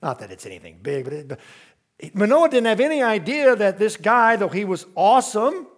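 A man's voice: high-pitched, very animated, fairly quick. A man preaching a sermon in a conversational, humorous storytelling way, full of asides and questions to the congregation.

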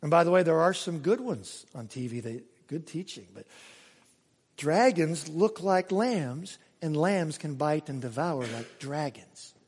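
A male pastor preaching a sermon, emphatic, swinging between raised exclamations and hushed asides. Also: a little high, animated, measured pace, slightly rough, in a large hall. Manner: emphatic preaching with sudden rises and hushed drops.

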